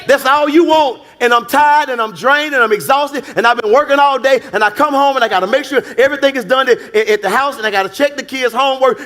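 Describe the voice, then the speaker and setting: A male preacher voicing a tired, drained wife pleading with her husband in a sermon. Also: fairly bright tone. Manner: exasperated, pleading, rising in pitch.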